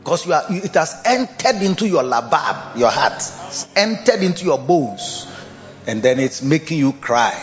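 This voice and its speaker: A male preacher with a somewhat high voice delivers a lively, repetitive sermon and often stops to laugh. The sound is dull and lo-fi, rings in a long hall reverb, and has faint music underneath. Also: moderate pace. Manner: animated, repetitive, laughs often, coaxes listeners to repeat.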